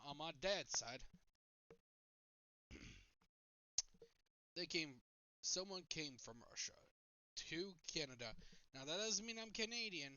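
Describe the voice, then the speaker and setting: A man's voice: on the high side, bright, forceful tone, clean tone, dry recording. A man chatting casually on a live stream, rambling and joking at his own expense, a little nervous. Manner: rambling, self-mocking, jokey. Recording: dull lo-fi stream mic.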